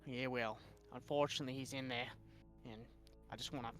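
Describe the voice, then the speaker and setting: A brash young fighter woman, gruff and irritated, her voice a little too deep, as a man puts her on. She talks with a Midwestern accent. Faint music plays behind her. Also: fairly even intonation, fairly quick, a bit bright, close to an everyday voice. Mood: angry.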